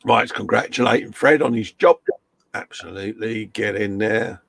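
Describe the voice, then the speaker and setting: A man's voice: on the low side, moderate pace, gravelly, a bit bright, breathy edge, dry recording. A man co-hosting a casual live stream, chummy and joking as he reads out chat comments. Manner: chummy banter, reads chat messages aloud.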